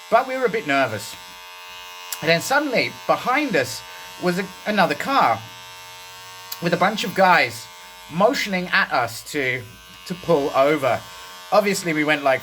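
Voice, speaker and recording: A British man casually telling a funny story from his youth while his head is shaved, relaxed and swearing freely. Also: a little hiss or hum. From Britain. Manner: slow, laid-back, swears freely; puts on a high voice when quoting others. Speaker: host.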